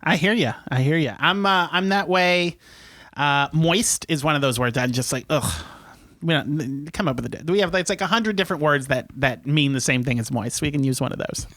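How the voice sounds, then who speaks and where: A man co-hosting a podcast in casual chat, telling stories in a playful, animated way. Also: fairly high pitch, brisk, no room sound, studio quality. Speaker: podcast co-host.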